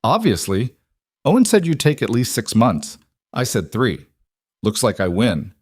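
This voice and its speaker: A man voicing an excited, smug young girl who fires off eager questions in a storybook western. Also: medium pitch, unhurried. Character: girl, teen, excited and chatty, a little smug.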